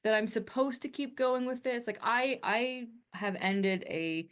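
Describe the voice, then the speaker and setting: A woman's voice: a little high, measured pace. A woman from northern Alberta with a Canadian accent, hosting her own podcast in a rambling, self-correcting solo chat. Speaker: podcast host. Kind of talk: casual solo monologue.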